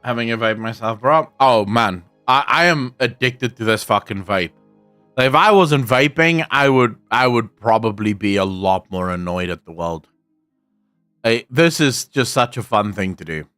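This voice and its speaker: Bright-voiced South African man streaming. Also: mid-range voice, normal speed, smooth, faint music behind. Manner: rambling, swears a lot, talks to chat. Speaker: game streamer. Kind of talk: casual live-stream chat.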